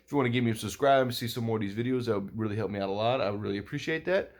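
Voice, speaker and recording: A man's voice: lowish voice, racing. Swearing young guy recapping football. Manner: rambling, heavy swearing, lots of fillers. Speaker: sports vlogger. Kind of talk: casual football recap vlog.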